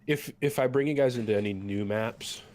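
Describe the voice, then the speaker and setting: A man with a hoarse, sick voice from a cold, game master recapping a tabletop session in an easygoing way with lots of ums. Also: mid-range voice, a little fast, darkish tone. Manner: easygoing, many filler ums.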